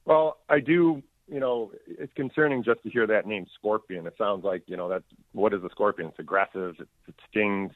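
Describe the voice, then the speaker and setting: Firm sheriff on a tinny phone line. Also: male voice, on the low side, moderate pace, no echo. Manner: firm, plainspoken, repeats words when emphatic. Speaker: county sheriff, guest. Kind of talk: radio interview by phone.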